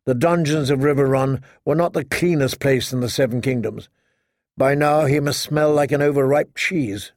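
This male audiobook narrator has a gravelly, mid-range voice and tells the story in a steady, measured way. The recording is dry and clean, made in a studio.

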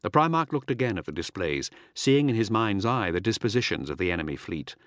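A man narrating an audiobook in a dramatic, measured reading. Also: on the low side, fairly bright tone, no room sound, clean studio sound. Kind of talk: scripted narration.

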